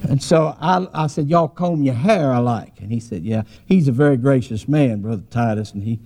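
A man's voice: medium pitch, moderate pace, warm tone. A man, preaching a sermon as a folksy, rambling story with frequent restarts.

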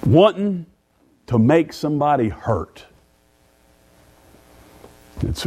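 A middle-aged man preaching a sermon in a folksy way, stumbling over repeated words and rising in pitch when reading scripture. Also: dark tone. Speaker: pastor.

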